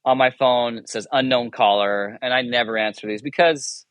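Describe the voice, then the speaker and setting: Guy telling a long story on a podcast, lots of restarts and little laughs, plays out the voices, medium pitch, dry room. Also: steady tone, normal speed, a bit bright, no room sound. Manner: rambling, self-interrupting, chuckles often; acts out dialogue in his anecdotes. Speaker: guest, military chaplain. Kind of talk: casual storytelling interview.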